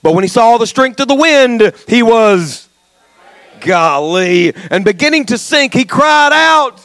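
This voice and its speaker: A male pastor preaching a sermon, jumping from folksy jokes to shouted exhortation. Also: very high-pitched, expressive, measured pace, no echo. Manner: passionate, swings from quiet asides to shouted exhortation; folksy, joking asides. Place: church sanctuary.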